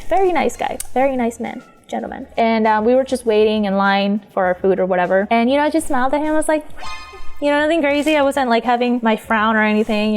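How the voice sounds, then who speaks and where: A young woman from Peru giving casual social advice in a chatty, animated way. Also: mid-range voice. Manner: chatty and animated, acting out sample dialogues.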